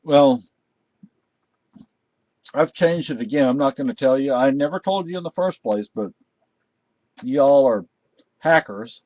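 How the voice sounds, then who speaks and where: A man's voice: mid-range voice, measured pace, long pauses, no echo, phone-quality sound. A middle-aged man vlogging a political rant, scolding and lecturing his viewers with indignation.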